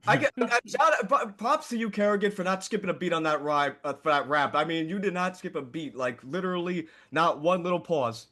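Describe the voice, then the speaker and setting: Bright, eager male host. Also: high-pitched, normal speed. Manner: enthusiastic, laughing praise. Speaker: podcast host. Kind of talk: casual chat.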